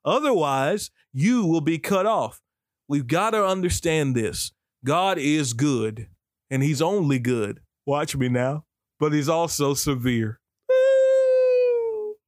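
Male podcast preacher, fairly high voice, bursts of whooping excitement, dry close recording. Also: slow, no room sound. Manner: exclamatory, preaching cadence with sudden high whoops.

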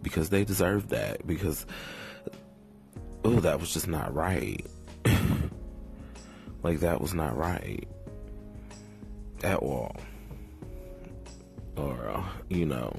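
A man hosting a podcast, delivering a sassy, drawn-out casual commentary full of cursing. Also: a bass voice. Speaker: podcast host.

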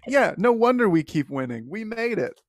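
Deadpan young man on a dry mic. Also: high voice, moderate pace, no echo. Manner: deadpan, mock-serious, laughs at own jokes. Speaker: podcast co-host. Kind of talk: casual comedy podcast banter.

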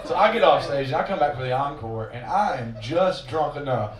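A man's voice: medium pitch, lively intonation, a little fast. A man telling a long, profane, self-mocking story on stage between songs at a live show. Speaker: singer-songwriter telling stories on stage. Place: live venue with audience. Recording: roomy live recording from a distance. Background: audience ambience.

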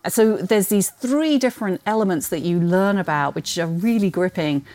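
A woman's voice: lowish voice, moderate pace, darkish tone. A woman from Britain with a British accent and a slight Australian twang, chatting animatedly about books as a podcast guest and laughing often. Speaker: guest, books marketing executive.

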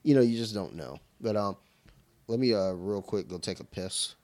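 A man's voice: fairly low pitch, expressive, moderate pace, a little mellow. A man in his thirties co-hosting a podcast, chatting casually and swearing freely over beer. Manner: laid-back, swears freely, quotes his daughter in voices. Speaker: podcast co-host.

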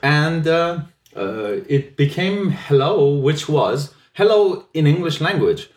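A man's voice: fairly high pitch, sing-song, slow pace, a little mellow. A man co-hosting a podcast, chatting casually and playfully, laughing often as he explains things. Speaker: podcast co-host. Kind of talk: casual conversational podcast chat. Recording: roomy echo on the voice.

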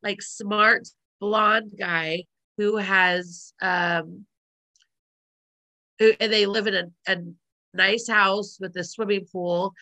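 A woman's voice: mid-range voice, steady tone, slow, pushed and bright. A woman casually retelling a sitcom episode, rambling with fillers and giggling often. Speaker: podcast co-host recapping a sitcom episode. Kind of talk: casual chat.

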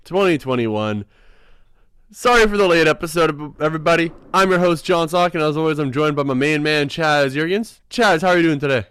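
A young man hosting a casual sports podcast, excitable and quick to laugh, often restarting his sentences. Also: a little high, smooth. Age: young adult. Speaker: podcast host.

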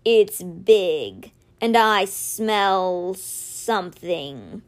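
A woman voicing a large male winged cat guardian in a storybook reading, speaking slowly and gravely. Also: lively intonation. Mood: wary. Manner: slow, low, drawn-out delivery.

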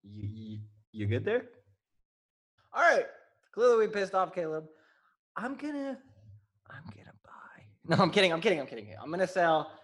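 A man's voice: on the high side, sing-song, brisk, long pauses, a bit bright. A man hosting a casual sports podcast, easygoing and joking. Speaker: podcast host.

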